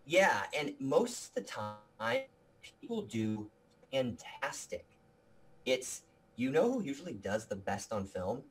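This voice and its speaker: A man's voice: medium pitch, big pitch swings, slow. A man being interviewed about his video production company, talking with energy and earnestness, often restarting his sentences. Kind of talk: casual interview talk.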